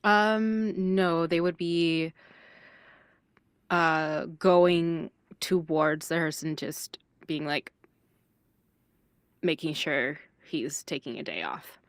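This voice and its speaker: Slow, halting woman in a tabletop game. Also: sits low, smooth, dry recording. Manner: slow, halting, searching for words. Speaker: player. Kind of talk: describing a character in a tabletop game.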